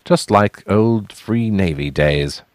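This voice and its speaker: A man doing a wry deadpan old sailor. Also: lowish voice, takes it slowly, no room sound, studio quality.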